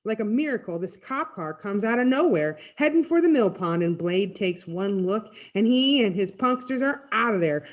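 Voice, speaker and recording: A woman reads a chapter book aloud, narrating in first person. Her pitch is in the middle range for a woman and swings widely as she tells the story. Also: expressive, normal speed, few pauses, dull audio. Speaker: reader.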